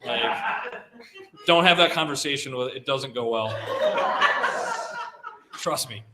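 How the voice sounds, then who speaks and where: A middle-aged man who handles avalanche dogs gives a casual talk to a live audience, relaxed and chatty with lots of "like" fillers. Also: mid-range voice, slow pace, heavy background noise. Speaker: guest speaker, avalanche dog handler. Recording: roomy hall sound.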